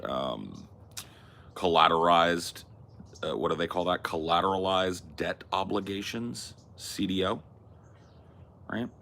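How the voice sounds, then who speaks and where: A man's voice: sits low, measured pace, gravelly, pauses often, pushed and bright, slight background noise. A man hosting a comedy podcast, chatting casually with crude jokes and laid-back slang. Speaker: podcast host.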